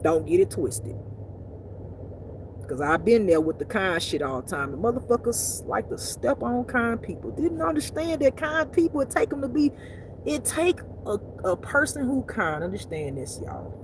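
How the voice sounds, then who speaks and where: A woman's voice: on the high side, lively intonation, normal speed, slight background noise. A woman giving blunt, profane, emphatic spiritual life advice in a casual talk.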